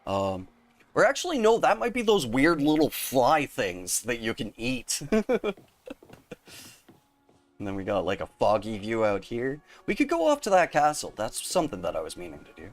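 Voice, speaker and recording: A man's voice: medium pitch, big pitch swings, normal speed. A young man live-streaming a game, chatting casually with his viewers and laughing often. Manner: chatty, rambling, laughs often, talks to chat by name. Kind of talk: casual live-stream chat while playing.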